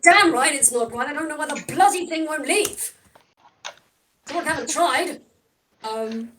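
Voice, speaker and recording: A grumpy male hoarder who stammers through apologies and curses at everything, as a woman game master puts him on. His voice runs a little high and sounds set back from the mic, with a faint hiss behind it. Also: animated, a little slow, fairly bright tone, distant mic. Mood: irritated. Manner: hesitant, flustered, swears often.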